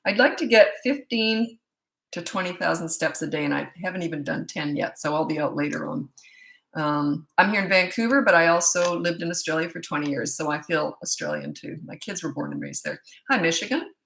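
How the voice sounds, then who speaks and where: A woman's voice: sits low, animated, a little fast, gravelly, fairly bright tone, poor audio. Chatty middle-aged woman greeting livestream viewers. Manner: chatty, greets viewers by name and place, jokey asides. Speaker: parenting coach. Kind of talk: casual livestream chat.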